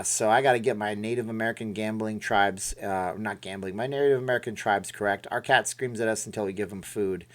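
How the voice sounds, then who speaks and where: A middle-aged man from Canada hosting a casual live stream, reading and answering chat in a rambling way and often correcting himself. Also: on the low side.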